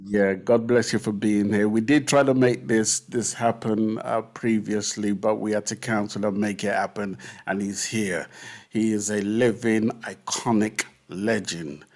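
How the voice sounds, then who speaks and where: A man's voice: lowish voice, fairly even intonation, measured pace, darkish tone. A man hosting a radio podcast, talking in an effusive, casual way and often repeating his words. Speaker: podcast host.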